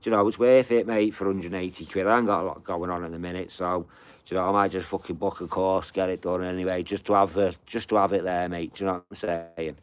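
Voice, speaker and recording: A man's voice: deep voice, steady tone, quick pace, smooth. A middle-aged man, rambling and swearing through a casual live chat with his viewers from home, padding every line with "you know". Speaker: live streamer.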